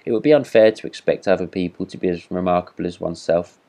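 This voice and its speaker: A boastful, self-important firework rocket looks down on everyone around him, as a man reading a storybook puts him on. The voice sits very low and speaks with haughty disdain. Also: fast, dark tone. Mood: disdainful. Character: vain pompous boastful male firework rocket.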